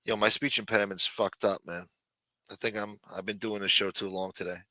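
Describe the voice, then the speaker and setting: A man's voice: fairly low pitch, fairly even intonation, a little fast, bright, forceful tone, no room sound. A man hosting a livestream, telling stories in a rambling, profane, casual way. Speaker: livestream host.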